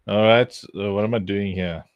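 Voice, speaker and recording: Recorded dry, a fairly low-voiced livestreamer chats casually while he works, clicking around, joking and rambling to himself, with frequent chuckles between his remarks.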